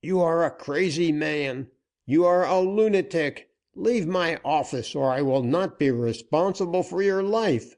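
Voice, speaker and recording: A man's voice: fairly low pitch, lively intonation, unhurried, darkish tone. A man voicing a frightened male banker and former outlaw, stammering and pleading as he is cornered. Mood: panicked. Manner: stammering, pleading, rising in panic.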